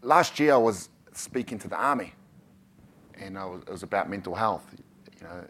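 A man's voice: deep voice, expressive, moderate pace, fairly bright tone, slightly rough. A man from New Zealand, a community leader, answering a question on a panel in a plain, earnest way with frequent "you know". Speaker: guest community leader and author.

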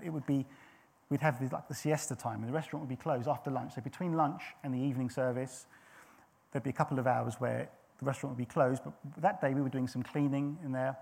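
A man's voice: mid-range voice, creaky, a little mellow, breathy edge. A middle-aged man preaching a sermon, telling a personal story in an earnest way with frequent restarts.

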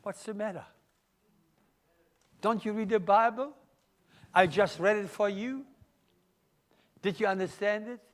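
A man's voice: high-pitched, fairly even intonation, unhurried, long pauses. An older man with a German accent preaching a live sermon in church, emphatic and questioning the congregation. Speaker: pastor.

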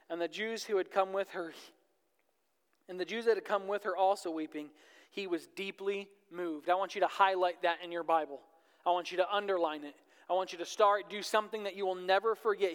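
A man's voice: high-pitched, fairly bright tone, clear, resonant tone, big-room sound. A man preaching a sermon, reading scripture aloud and breaking off to urge the congregation to take note. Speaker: pastor. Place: church sanctuary.

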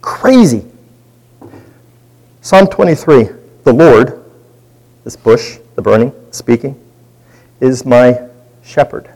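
A man's voice: medium pitch, animated, takes it slowly, long pauses, darkish tone, rough recording. A man leading a Bible study, teaching in a conversational way and putting questions to his group.

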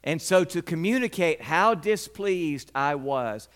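A man's voice: fairly high pitch, a little slow, smooth. A man from Mississippi, preaching a sermon and telling personal stories with acted-out scenes and sound effects. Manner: animated storyteller who acts out scenes with sound effects.

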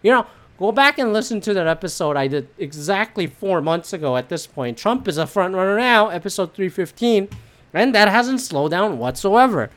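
A woman's voice: medium pitch, very animated, normal speed. Profane, ranting woman podcast host. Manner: profane, blunt and opinionated; rambling with many fillers and restarts. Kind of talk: solo political commentary rant.

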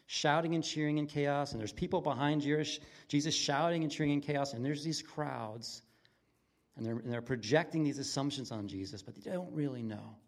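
A man preaching a conversational sermon in an earnest, plain-spoken way, his voice dropping from lively emphasis to hushed, intimate tones. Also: mid-range voice. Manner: earnest, swings from loud excitement to near-whisper intimacy. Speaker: pastor.

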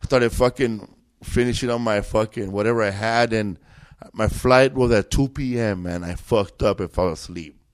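A man's voice: on the low side, moderate pace. A man, a comedian guest, telling a rambling, profane story with bursts of laughter in a casual chat.

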